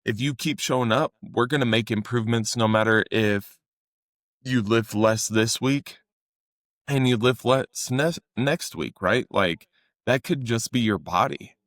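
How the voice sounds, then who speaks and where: A young adult man co-hosting a casual podcast, talking earnestly about coaching and sometimes acting out what he says to clients in a louder voice. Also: mid-range voice, unhurried, no echo, studio quality. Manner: earnest, conversational, acts out quotes with raised voice. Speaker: fitness coach and podcast co-host.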